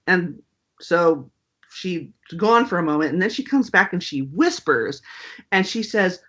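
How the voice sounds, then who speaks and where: A woman guest on an interview, talking casually and wryly with lots of "um" and "you know". Her voice is bright and sharp. The recording sounds dull and lo-fi. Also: on the low side, a little slow. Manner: animated, wry, lots of fillers. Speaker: author guest.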